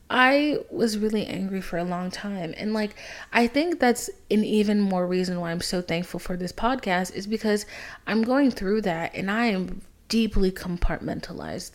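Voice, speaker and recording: Young woman, podcast host, casual dramatic storyteller, drops swear words, swings from loud to whispered asides. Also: medium pitch. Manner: swears freely.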